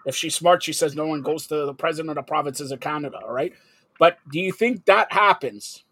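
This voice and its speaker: A man's voice: fairly high pitch, brisk, pushed and bright, breathy edge, no room sound. A man hosting a sports talk radio show, brash and jokey, steering the chat with leading questions.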